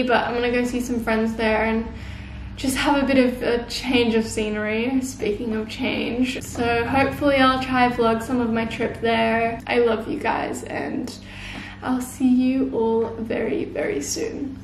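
A young woman talking to camera in a soft, heartfelt, casual way, full of "like" fillers. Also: on the high side, flat delivery, unhurried. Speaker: vlogger. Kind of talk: casual reflective chat to camera. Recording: roomy with faint background hiss.

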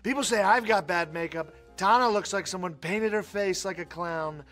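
A boastful, crude president figure, as a man puts him on, who rambles and throws insults at everyone. The voice sits a little high, and faint music plays underneath. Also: moderate pace, a bit bright. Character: male president character in a comedy sketch, boastful and crude.

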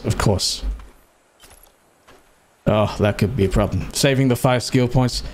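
A young man giving gameplay commentary as a streamer, excitable and swearing at the game as he plays. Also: lowish voice, moderate pace, a little hiss or hum.

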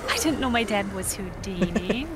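A woman's voice: medium pitch, animated, moderate pace, heavy background noise. A young woman co-hosting a let's-play, bantering and teasing her dad in casual chat. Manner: playful, teasing. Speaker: co-host of a gaming channel.

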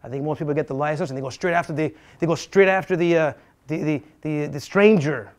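Animated middle-aged man teaching a class. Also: fairly high pitch, fast talker. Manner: animated, dramatic, acts out panicked agents and jokes. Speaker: real estate instructor. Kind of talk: lively classroom lecture.

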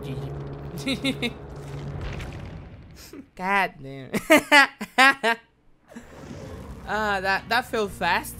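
A woman streaming a game, reacting loudly and swearing at her teammates, over a noisy background hum. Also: mid-range voice, extremely slow, long pauses. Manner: excitable, swearing, yelling at teammates. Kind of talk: live game commentary.

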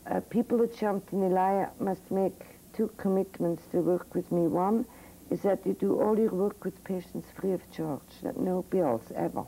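A woman's voice: on the low side, normal speed, gravelly, warm tone, low-quality recording. An older woman psychiatrist telling a personal story to medical students in a frank, vivid lecture. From Switzerland. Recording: old 1982 recording with faint hiss.

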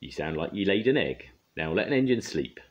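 A grandad doing a gruff engine. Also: male voice, low-pitched, sing-song, fairly quick, lo-fi sound, pitched above the performer's own voice. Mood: mocking.

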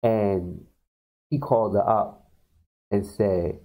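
A man casually recapping a movie in a loose, rambling way and slipping into voices for the characters. His voice has a mellow, darker tone at a middling pitch. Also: unhurried, rough recording. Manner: rambling, acts out characters' lines. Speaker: YouTube host.

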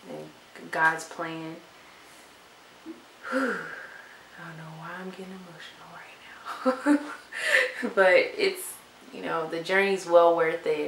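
A young woman vlogger talking softly and from the heart, in a casual chat to camera. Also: lowish voice. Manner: soft-spoken and heartfelt. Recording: echoey room with faint hiss.

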